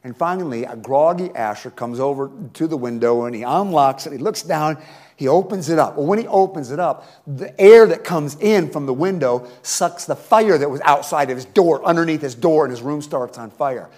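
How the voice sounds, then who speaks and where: A male pastor preaching a revival sermon, swinging from loud pleading to hushed, slow emphasis. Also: on the high side.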